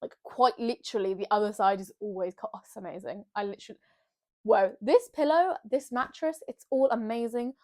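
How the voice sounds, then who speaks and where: Sitting on her bed in her bedroom, a young vlogger chats to the camera in a bubbly, rambling, self-mocking way. Her voice is a little high, a little fast, and slightly mellow.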